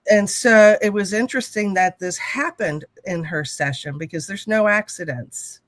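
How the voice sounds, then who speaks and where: A woman co-hosting a casual talk show and telling a story in a blunt, animated way, swearing freely. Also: medium pitch, moderate pace, no echo. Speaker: talk show co-host, hypnotherapist.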